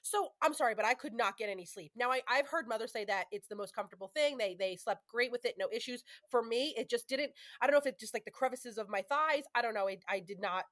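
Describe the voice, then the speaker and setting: Woman, 30s, podcast host, casual chat, candid, filler-heavy, slightly high voice. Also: quick pace, hardly any pauses, fairly bright tone. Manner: chatty, candid, frequent fillers.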